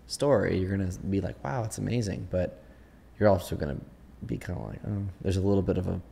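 A man's voice: sits low, steady tone, fast talker, vocal fry, warm tone, a little hiss or hum. A man hosting a podcast, chatting casually and thinking aloud with lots of fillers. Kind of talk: casual chat.

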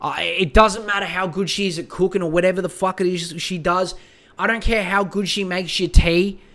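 Blunt, profane man with a high voice. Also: fairly even intonation, normal speed, bright, forceful tone. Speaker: podcast host giving advice. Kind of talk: casual solo podcast, reading a listener letter.

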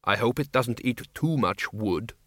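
A man puts on an earnest male dwarf gardener for an audiobook, slow and rambling. The voice is bright. The sound is dry and close. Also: mid-range voice, very animated, no room sound.

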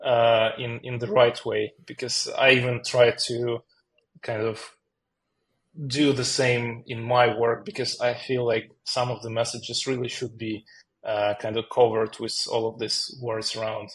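A man, a guest on a podcast over a video call, speaking English thoughtfully with frequent pauses. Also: mid-range voice, flat delivery. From Ukraine. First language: Ukrainian.

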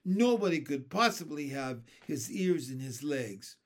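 A man's voice: on the high side, very animated, measured pace. A man voicing a curious, easily amazed small boy in a storybook reading. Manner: eager, incredulous.

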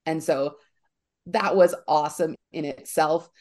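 A woman sharing a fan story in casual chat, animated and often laughing as she acts out what people said. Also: deep voice, measured pace.

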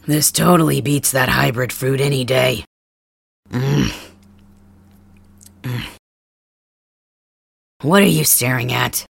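Man as a blunt, grumbling young male cat hybrid for an ASMR role-play; slow delivery, husky, dry and close. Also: mid-range voice, a bit bright, dry recording, full character voice. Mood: gruff teasing.

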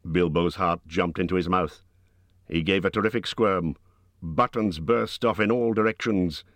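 A man with a low-sitting voice reads an audiobook, shaping the story in a measured, expressive way. The recording has no room sound.

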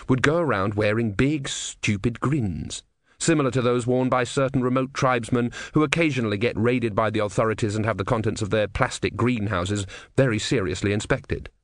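A man's voice: mid-range voice, fairly quick, dry recording. A man narrating a comic fantasy audiobook with dry, wry delivery.

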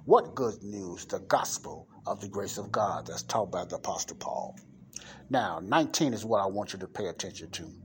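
A man with a lowish voice giving a casual Bible lesson to his listeners. He drills single words over and over and punches them out louder for stress, then drops back to an easy conversational tone with quick asides. A faint hum sits behind him. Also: animated. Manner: emphatic, repeats key words and hammers them louder. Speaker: Bible teacher and podcast host. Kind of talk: informal Bible teaching.

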